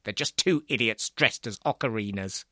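A man voicing a grumpy, blunt man who dismisses everyone with flat scorn. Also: fairly low pitch, normal speed, no room sound, clean studio sound, pitched below the performer's own voice. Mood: dismissive.

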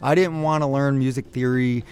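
A man's voice: medium pitch, fairly even intonation, normal speed, a little mellow, clear, resonant tone. A man hosting a call-in radio advice show, giving friendly advice in a rambling, self-correcting way. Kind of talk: casual call-in chat.

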